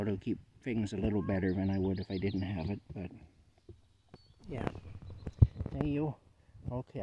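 A man speaks fondly to his pet in sing-song baby talk, then drifts into rambling explanations of his home setup. He is outdoors, and a clear layer of background noise runs under the camera audio. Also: on the low side. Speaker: vlogger. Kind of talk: casual talk to his cat while filming.

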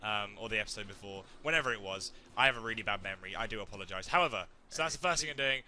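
A young man chatting through a video game playthrough in a jokey, excitable way. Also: fairly low pitch, rapid-fire, a little hiss or hum. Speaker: let's play gamer. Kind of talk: casual game commentary.

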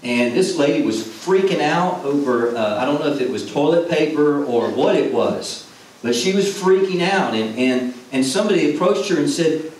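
In a church sanctuary, a man who was once a pastor preaches a sermon earnestly, repeating phrases for emphasis. His voice sits on the high side with lively intonation, a darkish tone and normal speed. The recording is echoey and distant, with faint noise.

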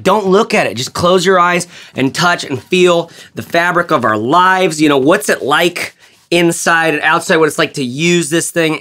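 Guy rambling thru a bag review, bright slightly high voice, jokey and loose. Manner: rambling, animated, full of fillers and jokes. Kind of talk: casual product review vlog.

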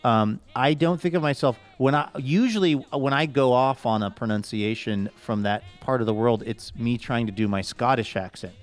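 A man's voice: mid-range voice, moderate pace, few pauses, soft background music. A man hosting a podcast in casual comedic chat, rambling and self-mocking, recorded in a studio. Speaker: podcast host.

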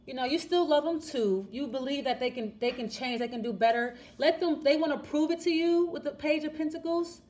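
A woman's voice: sits high, fairly quick, hardly any pauses, a little mellow. A woman giving a casual, chatty tarot reading straight to the viewer, repeating and restarting her words as she talks. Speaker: tarot reader.

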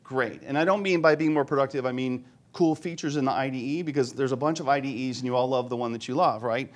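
This middle-aged conference speaker presents a technical topic live to an audience in a conference room, keeping it chatty and full of jokes while regularly questioning the room. He talks at a quick pace with a medium pitch.

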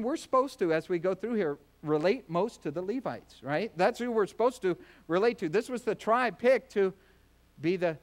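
High-voiced pastor preaching. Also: male voice. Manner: folksy, joking, acts out voices. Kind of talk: sermon. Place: church.

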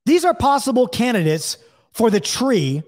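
A man's voice: very high voice, sing-song, normal speed, darkish tone. Male Bible teacher, conversational, reads scripture and acts out quoted voices; long reverb around him.

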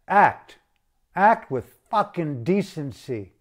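Guy ranting, blunt and sweary, voice on the high side. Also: lively intonation, a little slow, a little mellow. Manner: blunt, profane, outraged. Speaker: activist. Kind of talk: impassioned video rant.

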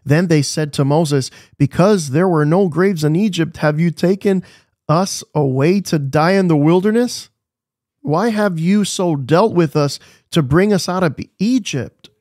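A man's voice: a little high, unhurried, a little mellow, dry recording, clean studio sound. A man preaching a devotional sermon, asking the listeners questions and repeating his key phrases with emphasis.

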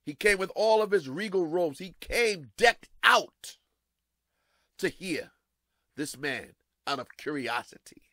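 A man pastor preaching a sermon dramatically, repeating his phrases and swinging from hushed to loud. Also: high voice, lively intonation, takes it slowly, dry recording.

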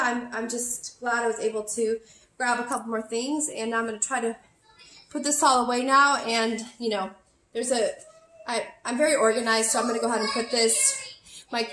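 A woman's voice: a little high, a bit bright, slight background noise. A woman in her forties vlogging a shopping haul in casual, chatty talk full of fillers, a little out of breath. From California. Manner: chatty, bubbly, lots of fillers. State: slightly out of breath. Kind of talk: casual chat to camera. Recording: echoey room.

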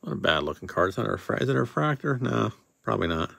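A man with a fairly low, gravelly voice runs a casual card-opening session, calling out names and tossing in offhand jokes and the odd curse. The sound is dry and close, with no room echo. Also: very animated, rapid-fire, fairly bright tone. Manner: offhand, joking, swears casually, reads names as he goes. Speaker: card box breaker host.

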